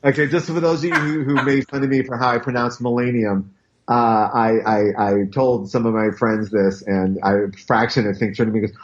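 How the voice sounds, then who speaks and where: A man with a Cleveland accent chatting casually as a podcast guest, animated and full of stammered restarts. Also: medium pitch, a little fast, lo-fi sound. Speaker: comic book writer guest.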